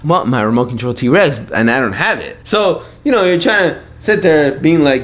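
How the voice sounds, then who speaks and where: A man's voice: on the high side, animated, moderate pace, few pauses, fairly bright tone. A young man vlogging, telling a comic story in an exasperated, repetitive, mock-indignant way. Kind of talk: comedic storytelling rant.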